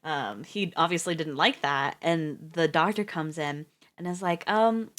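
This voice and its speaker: Low-voiced rambling woman streamer. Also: unhurried, fairly bright tone. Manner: rambling and chatty, laughs often, swears casually. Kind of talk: casual chat on a reading livestream.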